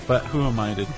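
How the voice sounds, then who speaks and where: A man co-hosting a podcast, bantering in a friendly, wry way. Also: medium pitch. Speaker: podcast co-host. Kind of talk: casual podcast chat.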